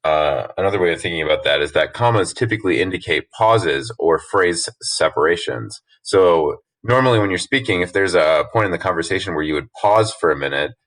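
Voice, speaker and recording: A man's voice: sits low, expressive, normal speed, a bit bright. A man teaching a lesson from slides, patiently reading rules and examples aloud and explaining them, with frequent "uh" fillers.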